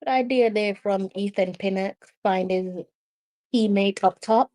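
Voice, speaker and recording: A woman with a Jamaican accent hosting a live football watch-along, excitable and argumentative, often repeating her complaints at the officials. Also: mid-range voice, unhurried. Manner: excitable, argues with the referee, repeats herself.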